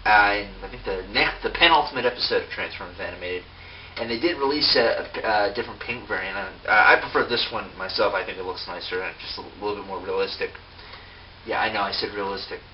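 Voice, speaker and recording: A man's voice: fairly low pitch, quick pace. A man giving a casual, unscripted toy review, rambling with lots of fillers and self-mocking asides. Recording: distant mic, dull sound, faint hiss.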